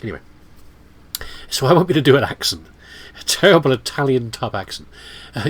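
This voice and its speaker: Stuffed up with a cold, this UK man chats and rambles as he commentates on a game in a casual let's play. His mid-range, husky voice is nasal and blocked, sing-song and fairly quick, broken by long pauses.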